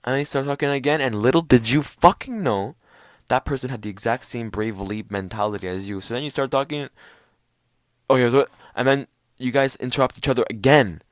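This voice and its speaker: A man's voice: medium pitch, a little fast, no echo. A young man hosting a solo podcast, rambling and swearing as he acts out little quoted voices. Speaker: podcast host. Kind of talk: casual solo podcast rant.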